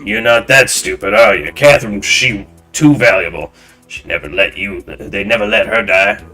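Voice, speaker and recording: A man's voice: lowish voice, normal speed, bright, forceful tone, faint music behind. A man voicing a rude, hostile local man who taunts and blocks the way. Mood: taunting. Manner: taunting, aggressive. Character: rude southern male local, hostile gatekeeper.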